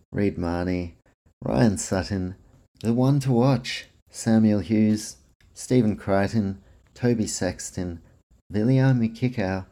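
A man's voice: fairly low pitch, dark tone. A man hosting a casual solo sports podcast, chatty and self-deprecating, reading through lists of names with a dry mouth. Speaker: podcast host.

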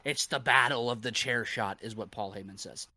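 A man's voice: medium pitch, moderate pace, bright, forceful tone, no echo. A man co-hosting a podcast, recapping wrestling matches in casual, profane chat and laughing often. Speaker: podcast co-host.

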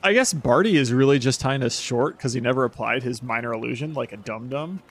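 A man's voice: medium pitch, brisk. Jokey man playing a tabletop game. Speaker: player. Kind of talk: casual tabletop play.

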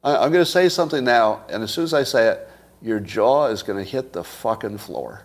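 A man's voice: fairly low pitch, animated, fairly quick. Blunt, profane male commentator. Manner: blunt, profane, rhetorical questions. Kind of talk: casual political monologue.

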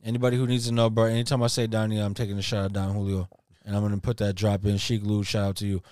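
A man's voice: lowish voice, level tone, rapid-fire, darkish tone, no room sound, studio quality. A man hosting a podcast, rowdy and profane in casual banter. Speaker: podcast host.

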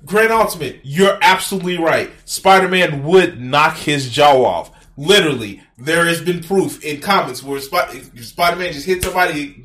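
A man hosting a reaction video, swearing freely and sounding disbelieving as he mocks the clip. His voice runs a little high and swings widely, with faint music underneath. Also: a bit bright. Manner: profane, incredulous, laughing, mocking. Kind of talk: casual reaction commentary.

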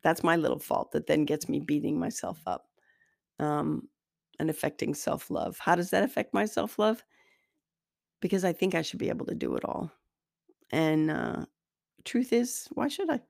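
A woman's voice: deep voice, expressive, normal speed, vocal fry, long pauses, no room sound, studio quality. A woman hosting a self-help talk as an energy healer, speaking in a candid, conversational and self-deprecating way. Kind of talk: spoken self-help monologue.

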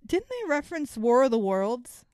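Smooth-voiced woman podcast host. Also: high voice, moderate pace. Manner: animated, swears and laughs, filler-heavy. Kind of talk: casual movie-review chat.

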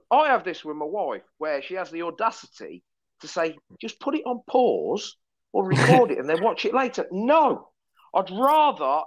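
Wry male pundit on a dull line. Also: a little high. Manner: wry, deadpan jokes and mock rants. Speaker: podcast pundit. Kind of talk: casual chat.

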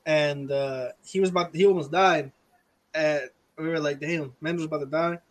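A man's voice: a little high, steady tone, moderate pace. A young man playing as a quiz contestant, chatting casually and rambling with lots of hesitations. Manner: rambling, hesitant, full of ums. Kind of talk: casual chat.

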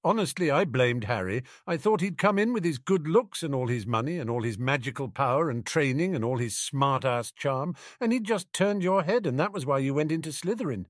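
A man's voice: on the high side, lively intonation, fairly quick, hardly any pauses, no echo, voice pushed up, close to an everyday voice. A man voicing a resentful teenage boy who speaks with dry sarcasm. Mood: bitter. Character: bitter, sardonic teenage boy.

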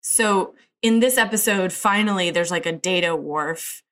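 A woman's voice: fairly low pitch, unhurried, fairly bright tone. A woman co-hosting a casual chat, rambling and saying "like" constantly. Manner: rambling, heavy use of "like".

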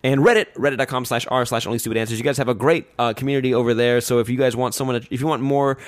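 A man co-hosting a podcast, with a voice in the middle of the pitch range. He rambles through the outro in an upbeat way with plenty of "uh"s. The recording is dry and close, with no room sound. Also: steady tone, racing, dry recording. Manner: upbeat, rambling with many fillers. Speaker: podcast co-host. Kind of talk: casual podcast outro chat.

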